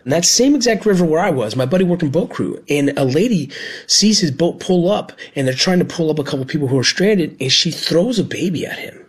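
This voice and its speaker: A man's voice: fairly high pitch, animated, brisk, slightly rough. A middle-aged man, a former border agent and medic, telling his story in an earnest, heartfelt way, often restarting his sentences. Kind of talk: personal storytelling.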